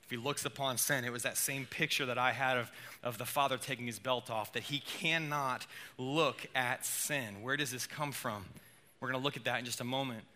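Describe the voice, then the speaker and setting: A man preaching a sermon, animated, acting out quotes with loud bursts and dropping to soft, low passages.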